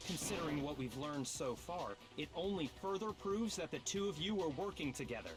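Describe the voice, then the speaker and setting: An actor voicing an arrogant, condescending rich teenage heir in a dubbed game, cold and lecturing. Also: male voice, a little high, animated, brisk, over music, natural voice.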